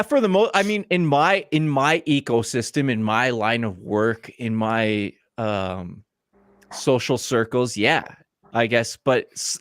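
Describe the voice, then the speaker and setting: Blunt, swearing Canadian man, lively pitch. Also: no room sound, studio quality. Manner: profane, rambling, blunt. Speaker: podcast guest. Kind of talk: casual podcast chat.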